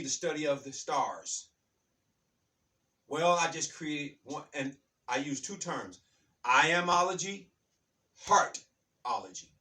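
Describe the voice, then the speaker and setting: A man hosting his own channel delivers an emphatic, repetitive spiritual monologue, often calling listeners "baby". His voice is on the high side with a sharp tone, picked up by a distant mic.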